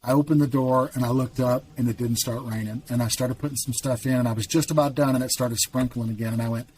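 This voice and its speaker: A man's voice: mid-range voice, steady tone, fast talker, a little mellow. A man, a podcast guest, telling a heartfelt personal story in an earnest, emphatic way and chuckling now and then.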